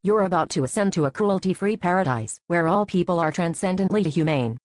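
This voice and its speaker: A woman's voice: lowish voice, animated, a little fast, a little mellow, no room sound, close to an everyday voice. A woman voicing a solemn, mournful male vegetable messiah in a satirical story.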